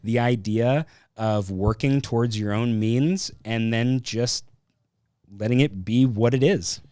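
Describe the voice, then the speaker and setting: A man's voice: mid-range voice, measured pace, darkish tone, dry recording, clean studio sound. Rambling man hosting a film review chat. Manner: rambling storyteller, thinks aloud. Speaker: podcast host.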